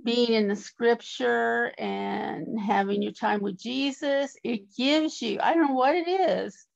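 A woman sharing in a Bible study group, earnest and encouraging, pausing often with fillers. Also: a little high, gravelly, muffled recording.

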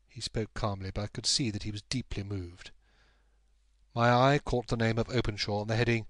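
A man narrating a classic story in a measured, steady audiobook style. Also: lowish voice, dry recording. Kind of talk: scripted narration.

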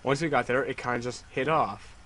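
A man reading the lines of a calm, guarded young woman college student from a text game in a flat voice. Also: mid-range voice, fairly quick, slight background noise, close to an everyday voice, poor audio. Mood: reflective.

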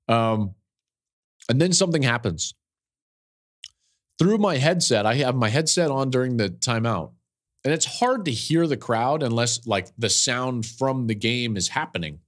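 A man's voice: mid-range voice, lively intonation, unhurried. A male podcast host telling a personal story in an earnest, openly emotional way. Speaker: podcast host, football analyst.

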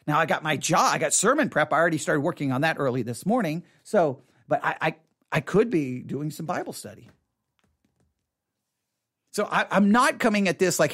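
This pastor's voice sits on the high side as he teaches the Bible in a relaxed, spoken style. He wanders, starts sentences over, and animatedly imitates excited children.

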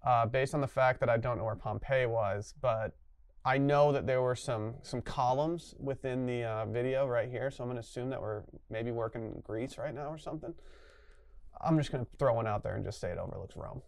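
A man talks his way through a quiz question, rambling as he reasons out loud. His pitch sits in the middle and the recording is dry and close. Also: a little fast, vocal fry, no echo. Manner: rambling, thinking aloud. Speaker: quiz contestant. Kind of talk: casual chat.

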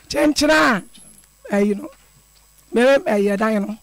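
A man's voice: high voice, a little slow, no room sound. A middle-aged man calling in to a radio show, telling a personal story in an earnest, repetitive way. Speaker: caller.

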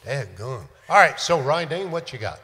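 A man's voice: mid-range voice, big pitch swings, moderate pace, long reverb tail. An older man, a country singer chatting and telling stories between songs in a folksy, laid-back way. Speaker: country singer hosting a live show. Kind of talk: casual stage banter and storytelling. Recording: loud live band backing.

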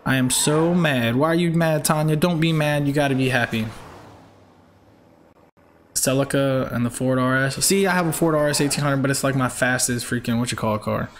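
Casting note: young guy, upbeat live streamer, mid-pitched, faint hiss behind. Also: steady tone, brisk. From Georgia, US. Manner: upbeat, chatty, reads out viewer names. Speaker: game streamer. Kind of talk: live-stream chat while racing.

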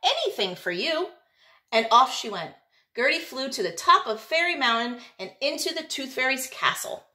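A woman teacher reading a picture book aloud, in an expressive, lilting storytelling manner. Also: high voice, moderate pace.

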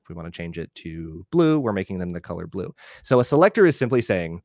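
A man giving a relaxed live screen-share tutorial on a video call, explaining as he clicks through. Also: deep voice, fast, few pauses, dry recording, clean studio sound. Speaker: webinar instructor.

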